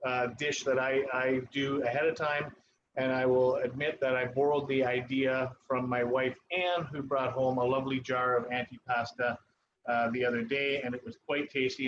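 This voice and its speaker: Male chef, mid-pitched, easygoing teaching tone with many pauses; dull stream audio, audible background noise. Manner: relaxed, instructive, with frequent pauses. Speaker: chef and cooking instructor. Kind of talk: live cooking demonstration. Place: kitchen at a ski club.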